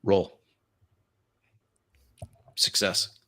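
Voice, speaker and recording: Male game master narrating a tabletop game, unhurried and halting, bright voice. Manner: halting descriptive narration with fillers. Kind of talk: narrating a tabletop role-play.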